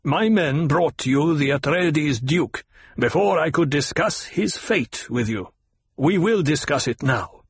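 A man voicing a gruff, disdainful imperial officer with a growl in an audiobook. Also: a little high, expressive, takes it slowly, dry recording, full character voice.

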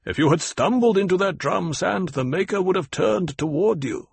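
A man reading aloud voices a stern older desert troop leader who speaks bluntly and gives commands in a husky voice. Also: high-pitched, expressive, normal speed, no echo, pitched above the performer's own voice, heavily acted.

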